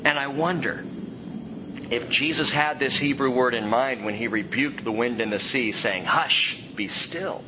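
A man preaching an expository sermon in an animated way, dropping to a hush and rising loud for emphasis. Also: mid-range voice, normal speed, lo-fi sound, noisy background.

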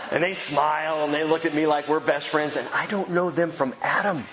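A man preaching a sermon as pastor, emphatic and animated, repeating key phrases for effect. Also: fairly high pitch, normal speed, a crowd in the background. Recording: dull sound with long hall reverb.

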